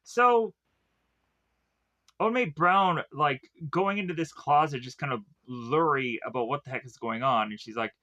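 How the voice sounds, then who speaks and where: A man with a fairly high, bright, edgy voice talks through a movie's plot in a loose, rambling way. He leans on filler words and restarts as he retells scene after scene. It sounds unscripted and casual. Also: normal speed, lo-fi sound. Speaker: film reviewer. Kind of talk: casual spoken film review retelling the plot.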